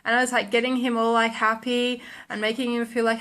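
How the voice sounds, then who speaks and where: A woman's voice: on the high side, level tone, a little fast, hardly any pauses, fairly bright tone. A young woman telling stories in a casual vlog, rambling with lots of ums and likes and laughing at herself. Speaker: vlogger.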